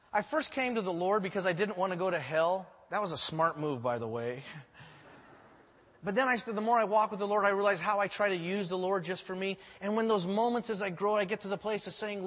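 A man's voice: high voice, lively intonation, moderate pace, fairly bright tone, slightly rough. A male pastor preaching a sermon, telling stories animatedly with joking asides. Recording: echoey hall, dull sound.

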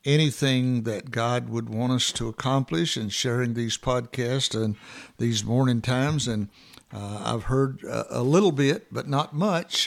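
Gravelly man giving a halting morning devotional. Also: mid-range voice. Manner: halting, many fillers and restarts. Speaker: podcast devotional host. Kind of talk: informal devotional talk.

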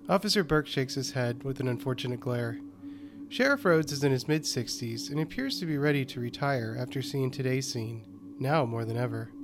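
A man tells a scripted horror story at a medium pitch, calm and even in his delivery. Soft music hums faintly underneath his voice. He sounds like the regular host of the show. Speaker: podcast host and narrator.

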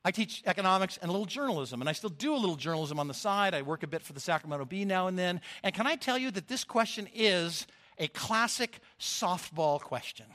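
A middle-aged man giving a sermon as a lay preacher, telling the story in an expressive, animated way. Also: high-pitched, fast talker.

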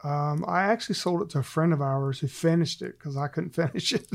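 Gravelly man telling stories with a laugh. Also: a little high, fairly quick. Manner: self-deprecating, laughs often while telling stories. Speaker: guest. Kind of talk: casual faith conversation.

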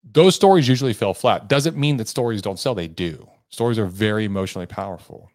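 On a motivational sales coaching podcast, a man delivers an earnest monologue with plenty of emphasis. His lowish, darkish voice moves briskly, and the studio-quality recording has no room sound.

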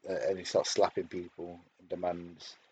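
A man's voice: deep voice, completely flat delivery, moderate pace, a crowd in the background. A man co-hosting a podcast, chatting casually and hesitantly, with many restarts. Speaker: podcast co-host. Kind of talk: casual episode review chat.

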